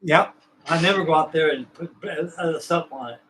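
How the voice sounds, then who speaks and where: A man's voice: a little high, normal speed, a bit bright, slight background noise, poor audio. A man hosting a livestream, chatting casually in a folksy, rambling, colloquial way. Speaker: livestream host. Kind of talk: casual chat.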